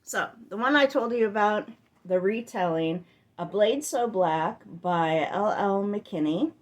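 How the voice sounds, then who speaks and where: A woman's voice: medium pitch, animated, slow pace. A woman giving a casual reading update on her book channel, chatty and rambling, full of tangents and filler words. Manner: chatty and exasperated when complaining. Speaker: book vlogger.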